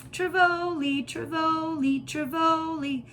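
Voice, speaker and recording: A woman voicing a stubborn five-year-old girl in a high, sing-song storybook voice. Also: big pitch swings, normal speed, soft background music. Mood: eager.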